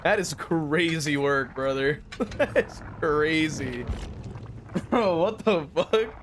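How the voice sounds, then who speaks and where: High, lively young streamer guy. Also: slow pace, slight background noise. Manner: slangy, swears a lot, laughs often. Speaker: game streamer. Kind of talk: casual live-stream commentary. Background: loud game music.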